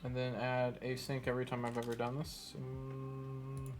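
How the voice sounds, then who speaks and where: A man's voice: mid-range voice, monotone, unhurried, over music. Man muttering over his code on stream. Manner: self-mocking, laughs with viewers. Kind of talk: casual chat while programming.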